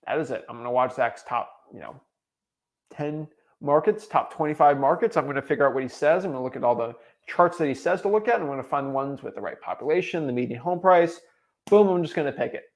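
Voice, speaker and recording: A young man hosting a livestream, talking in an animated, emphatic way and driving his points home by repeating them. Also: on the high side, fast. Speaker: host. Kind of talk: motivational livestream talk.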